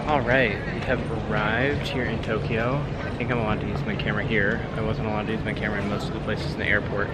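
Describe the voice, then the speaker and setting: A man with a fairly low voice talks casually to his camera as he makes his way through an airport and down into a train station. He explains each step in a friendly, informative way, full of ums and uhs. Loud traffic and station noise wash over the recording behind him. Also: little pitch movement, fast talker. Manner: chatty, informative, frequent "um" and "uh" fillers. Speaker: travel vlogger. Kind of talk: casual travel vlog. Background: loud vehicle and urban ambience.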